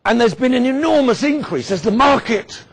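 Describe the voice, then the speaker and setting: Husky man in his sixties. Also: very high-pitched, lively intonation. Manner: wry, dramatic pauses and emphasis. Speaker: guest speaker. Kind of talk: storytelling speech.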